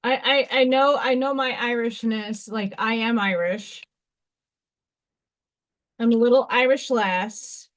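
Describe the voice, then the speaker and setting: A woman hosting a craft livestream, chatting casually and excitedly while she works and talks to herself. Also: on the high side, slow, pauses often. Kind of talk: casual live-stream chat while crafting.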